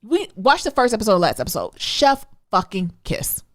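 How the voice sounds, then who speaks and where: A woman co-hosting a podcast, chatting casually about TV shows, animated and laughing often with quick asides. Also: medium pitch, dry recording, studio quality. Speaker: podcast co-host.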